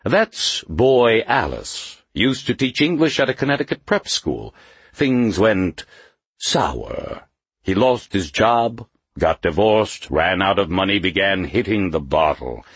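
A man's voice: low-pitched, sing-song, slow pace, breathy edge, no room sound, pitched above the performer's own voice, exaggerated voice. A man voicing Mephisto, a silky hissing underground leader. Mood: sardonic. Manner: suspicious, cackling, grim. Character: sly male underground community leader.

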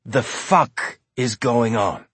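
A man voicing a hardened male ex-cop who speaks slowly and bluntly. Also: medium pitch, fairly bright tone, slightly rough, dry recording. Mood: gruff.

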